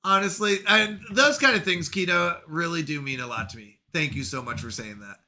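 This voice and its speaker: Bright, high-voiced man in his thirties. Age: 30s. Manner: animated, reads chat aloud with quick reactions and apologies. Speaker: streamer reading chat. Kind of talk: casual live-stream chat.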